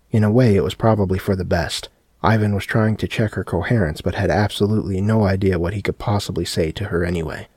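A man narrating a dark horror story in a steady audiobook reading. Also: low voice, husky, no echo, clean studio sound.

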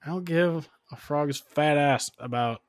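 A man's voice: a little high, a little slow, dry recording, clean studio sound. A man in casual podcast chat, blunt and crude, often dismissive.

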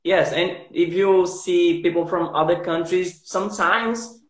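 A speaker from Recife, Brazil, with a Northeastern Brazilian Portuguese accent and Portuguese as a first language, hosting a casual English chat in a measured, thoughtful way. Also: mid-range voice, fairly even intonation, roomy sound.

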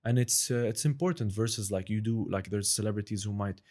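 Guy in his 30s rambling as a guest, lowish voice. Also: fairly quick, darkish tone. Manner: rambling and searching for words. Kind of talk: casual interview chat.

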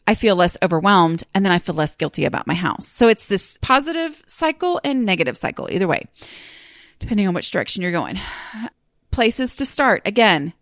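A woman's voice: mid-range voice, no room sound, clean studio sound. A woman hosting her own podcast, talking in a chatty, confiding way with sighs and emphatic repeats. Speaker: podcast host. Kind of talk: casual solo podcast talk.

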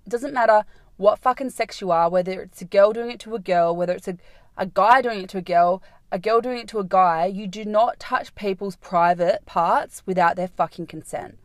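A woman's voice: medium pitch, normal speed, dry recording, studio quality. A young woman, hosting a podcast and telling a rambling night-out story, packed with "like" fillers and swearing. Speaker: podcast host. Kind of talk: casual storytelling monologue.

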